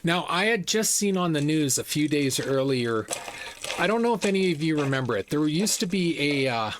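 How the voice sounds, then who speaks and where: Guy rambling through a story on his channel, kinda high voice, laughs at himself a lot. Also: expressive, fairly quick, a little hiss or hum. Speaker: reaction channel host. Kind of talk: casual storytelling monologue.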